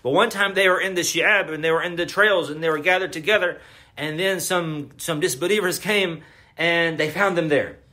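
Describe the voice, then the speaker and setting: A man's voice: a little high, normal speed, pushed and bright. A man giving a religious lecture, emphatic and repetitive, often asking his listeners questions. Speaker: Islamic lecturer.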